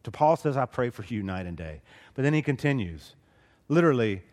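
A middle-aged man from Southeast Alabama with a Southern accent, preaching a sermon earnestly, swinging between loud emphasis and hushed asides. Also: mid-range voice, lively intonation, fairly quick. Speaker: pastor. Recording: long reverb of a large hall.

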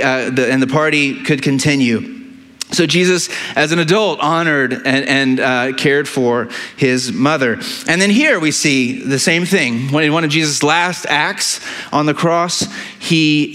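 A man preaching to his congregation in an easygoing, conversational sermon. His pitch sits in the middle of the range. He stumbles and restarts often, leans on filler sounds, and keeps checking in with the listeners through quick tag questions. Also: pushed and bright. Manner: halting delivery with many fillers and restarts. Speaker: pastor.

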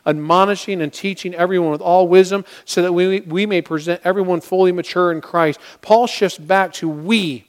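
A man's voice: sits high, in a large hall. A man preaching a sermon, earnest, often acting out prayers and inner thoughts as he teaches. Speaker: pastor.

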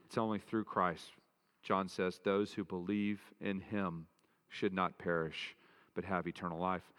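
A man's voice: low voice, little pitch movement, measured pace, a bit bright. A man pastor preaching an earnest, emphatic sermon, repeating key phrases for weight. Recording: long hall reverb.

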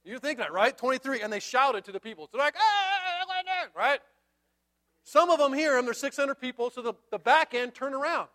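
A man preaching a sermon, telling a Bible story in an animated way and acting out the characters. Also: very high voice, brisk. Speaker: pastor.

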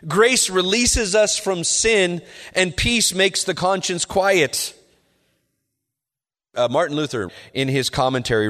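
A man preaching an expository sermon, rising in pitch on key words and slowing down to read quotations. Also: fairly bright tone. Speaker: pastor. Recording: long reverb of a large hall.

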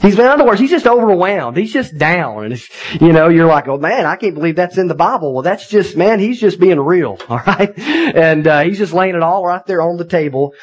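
A man's voice: high-pitched, lively intonation, brisk, low-quality recording. A man in his thirties, a pastor preaching a sermon in a conversational, folksy way, often checking in with his listeners.

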